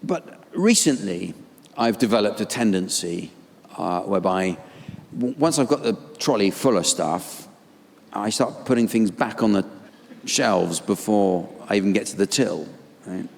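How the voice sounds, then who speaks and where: A man with an English accent doing a live stand-up routine in a dry, weary, deadpan manner on a theatre stage. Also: fairly low pitch, measured pace, creaky, a little hiss or hum. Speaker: stand-up comedian. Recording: live theatre with long hall reverb. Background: audience laughter and ambience.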